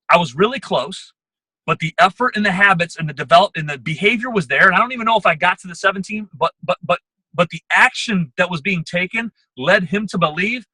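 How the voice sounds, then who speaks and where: Emphatic, bright-voiced man coaching a sales team. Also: high-pitched, animated, husky, no room sound, low-quality recording. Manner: fast, emphatic, repeats words, coaching tone. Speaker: sales manager giving a team call. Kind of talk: motivational team talk. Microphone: phone or computer call.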